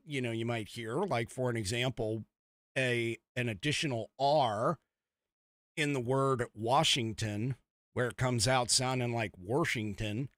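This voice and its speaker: A man hosting a podcast, talking in a rambling, animated way with frequent chuckles as he gives casual political commentary. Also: mid-range voice, no echo, studio quality. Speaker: podcast host.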